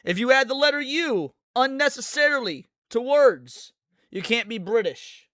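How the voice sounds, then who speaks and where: A man's voice: very high-pitched, expressive, unhurried, a bit bright, clean tone, no room sound, clean studio sound. A man hosting a casual commentary show, making sarcastic, mocking asides and answering questions from chat. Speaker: host.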